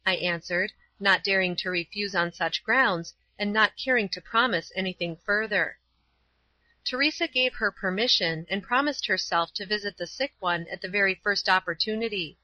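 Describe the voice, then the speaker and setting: Bright-voiced woman reading a story. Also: mid-range voice, no room sound. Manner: measured, clear narration. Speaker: narrator. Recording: slightly dull, dry.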